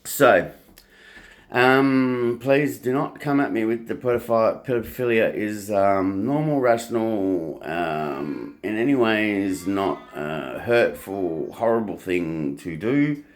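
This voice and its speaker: A man's voice: on the low side, animated, slow. A man vlogging at home, rambling and crude, swearing freely between fillers. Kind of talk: casual rambling vlog monologue. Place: home, while making breakfast.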